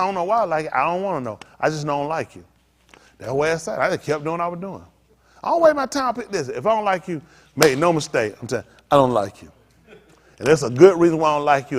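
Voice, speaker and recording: Fast-talking and animated, this middle-aged pastor tells stories from the pulpit in a voice that sits a little high and jumps around wildly. He swings from muttering under his breath to loud outbursts, quoting others in acted voices and repeating himself.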